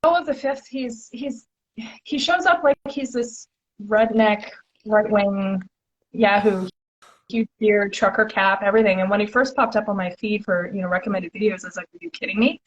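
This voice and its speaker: A woman hosts a casual interview chat, sounding eager and enthusiastic and leaning heavily on "like" and other fillers. Her voice is medium-pitched and steady at a normal speed, and the sound is lo-fi.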